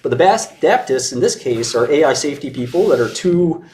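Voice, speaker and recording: A man's voice: medium pitch, lively intonation, a little fast, a little mellow, slight background noise. A man in a casual conversation who talks in an opinionated and sarcastic way, chuckling mid-sentence and mimicking others in mocking voices.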